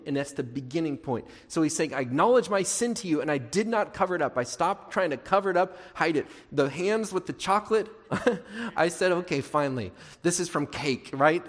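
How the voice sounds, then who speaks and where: A man preaching a sermon as pastor, animated, acting out quoted prayers and moving between loud and hushed delivery. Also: fairly high pitch. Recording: long hall reverb.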